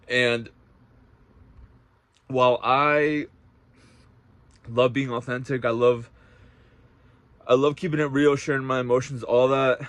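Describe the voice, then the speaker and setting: A young man telling a story in a casual vlog, swearing a lot and swinging between loud outbursts and quiet, reflective talk. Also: mid-range voice. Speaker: vlogger.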